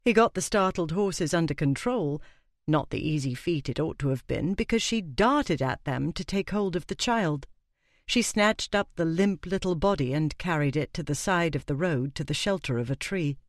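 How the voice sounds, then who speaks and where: Male audiobook narrator, expressive, animated delivery in a dead-dry booth. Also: a little high, normal speed, no room sound. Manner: expressive storytelling with character voices.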